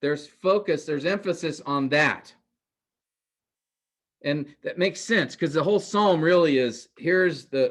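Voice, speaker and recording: A man teaching a class in a conversational way, often pausing to quiz his students with questions. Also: fairly high pitch. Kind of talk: interactive class lecture.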